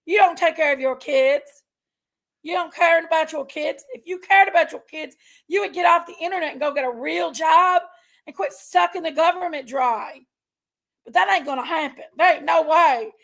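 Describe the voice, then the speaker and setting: A high-pitched woman with a gravelly, fry-laden edge to her voice. She rants to her viewers in a heated, casual stream. She sounds fired up and keeps reminding herself to calm down. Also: moderate pace. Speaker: online commentary streamer.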